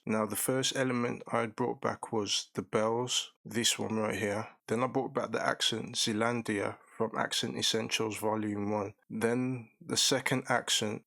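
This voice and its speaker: A man talks through a beat-making tutorial in a low, flat voice with a gravelly rasp at the edges. He explains each step calmly and methodically. The sound is dry and close, with no room around it. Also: dry recording. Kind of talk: step-by-step production walkthrough.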